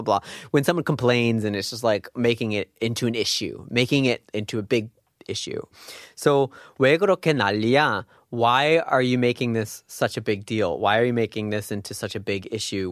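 A man's voice: lowish voice, no echo, studio quality. A man teaching a language lesson in a casual, chatty way, full of fillers and asides.

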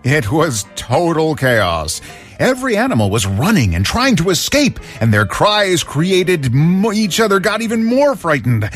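A man narrating a children's story in an animated storytelling manner. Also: a little high, unhurried, faint music behind.

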